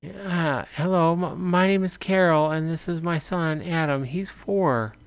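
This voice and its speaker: A man voicing a starving young mother begging at a door, in a high pleading voice. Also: a little slow, clear, resonant tone, dry recording.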